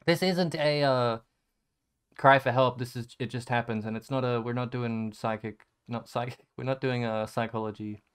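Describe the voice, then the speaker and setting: Rambling young man, smooth clear voice. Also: medium pitch, fairly even intonation. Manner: rambling, halting, swears casually, trails off quietly. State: emotional after crying. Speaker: vlogger. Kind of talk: candid personal vlog.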